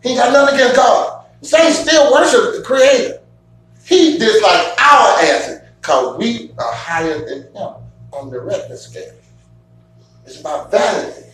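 A man hosting a casual chat, telling stories in a profane, animated way and getting loud at times. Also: extremely high pitch, moderate pace. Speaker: show host. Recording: echoey room from far off, faint hum.

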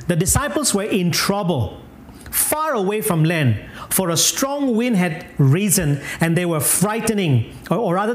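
A preacher giving a sermon, emphatic, repeating key phrases and chuckling now and then. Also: mid-range voice. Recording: echoey room.

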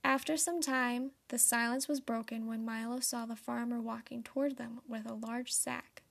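A teenage girl reads a story aloud in a soft, steady voice. It sits a little high with noticeable vocal fry. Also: normal speed. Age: late teens. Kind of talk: storybook narration.

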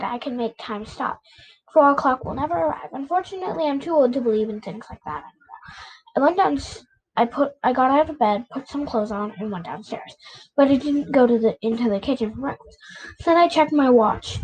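A woman reading a children's novel aloud, halting now and then with restarts and self-corrections. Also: high-pitched, rough recording. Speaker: reader.

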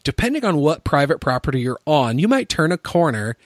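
A man's voice: on the high side, big pitch swings, fairly quick, no echo, studio quality. A young man telling a travel story in casual chat, rambling and swearing, laughing often. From United States. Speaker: podcast co-host.

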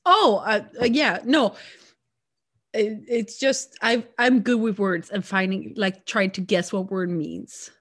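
A young woman talks in a relaxed podcast chat at a middle pitch. She rambles and restarts her sentences, often breaking into laughter. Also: slow pace. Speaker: podcast co-host. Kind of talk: casual chat.

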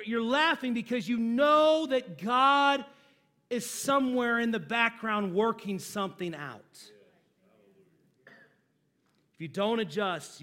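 A pastor preaching a sermon, moving from loud emphatic lines to low hushed phrases, chatting with and joking with his congregation. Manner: conversational, asks the congregation questions and jokes with them.

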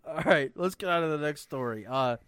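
A man's voice: a little high, fairly quick, a bit bright, clear, resonant tone, no room sound. A man hosting a comedy podcast, reading out odd news stories with wry, laughing asides. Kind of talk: casual comedy podcast chat.

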